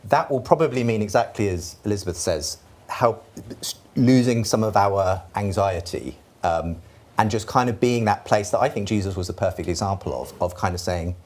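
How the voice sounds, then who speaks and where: Low, husky man speaking earnestly. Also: moderate pace. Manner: earnest and reflective, with softer falls on key words. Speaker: Christian panelist. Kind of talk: panel discussion.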